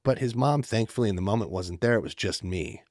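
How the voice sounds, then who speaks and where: Brief: middle-aged male podcast co-host, low voice, animated storyteller. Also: brisk, no room sound, studio quality. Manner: animated storyteller who acts out the quoted lines. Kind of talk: casual podcast chat.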